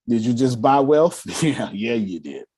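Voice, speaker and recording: Husky-voiced man giving a lively money talk. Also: mid-range voice, measured pace. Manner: animated, laughing, acts out quotes. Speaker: finance coach leading a meeting. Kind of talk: motivational talk.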